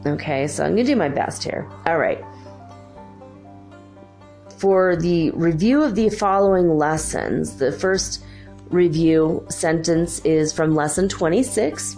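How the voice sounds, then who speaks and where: A woman hosts a spiritual podcast, reading each line twice in a slow, careful way. Her voice sits somewhat low, and soft music plays faintly underneath. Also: animated, vocal fry. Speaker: podcast host.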